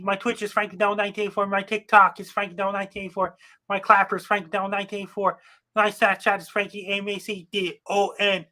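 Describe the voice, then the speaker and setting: Man, quick and bright, says the same lines over and over, podcast guest. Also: high-pitched. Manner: repeats stock phrases, lists his social media. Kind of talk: casual chat.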